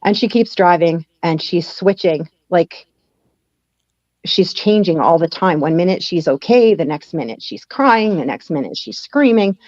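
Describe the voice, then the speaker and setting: A woman recounts her past as an interview guest, voicing the people in her story. Her voice sits low, and it comes over a dry, dull, lo-fi recording. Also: lively intonation, unhurried, darkish tone, no room sound. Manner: acts out quoted dialogue, laughing at times. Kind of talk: personal storytelling in a conversation.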